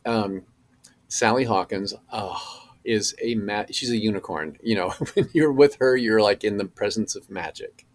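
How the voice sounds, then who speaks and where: A middle-aged actor, a man, chatting as a podcast guest and telling animated stories with many fillers and restarts. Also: fairly low pitch, a little slow. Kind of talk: casual podcast interview.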